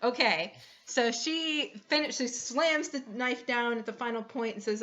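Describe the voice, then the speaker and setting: A woman's voice: on the high side, unhurried, few pauses, a bit bright. A woman running a tabletop game as game master, chatty and giggly, explaining the rules step by step. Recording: dull lo-fi recording.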